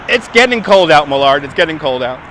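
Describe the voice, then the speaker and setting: Brooklyn guy live streaming from his phone outdoors, laughs a lot, bright voice. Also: fairly high pitch, slight background noise. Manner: chatty, laughs often, reads out donors. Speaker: livestream host. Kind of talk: casual live-stream chat. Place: outdoors on a city waterfront. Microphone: phone on a gimbal.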